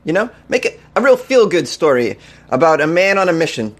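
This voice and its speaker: A male comedy news host riffs on odd headlines in a mocking, incredulous way. He laughs often between lines, and his voice sits a little higher than most men's. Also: sing-song, a little fast.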